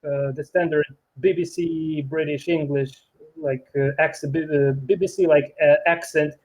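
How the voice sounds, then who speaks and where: A man from Ukraine speaking English in a casual chat, halting with many restarts and fillers. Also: on the high side, fairly even intonation, darkish tone, poor audio. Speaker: programmer and YouTuber. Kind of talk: casual conversation.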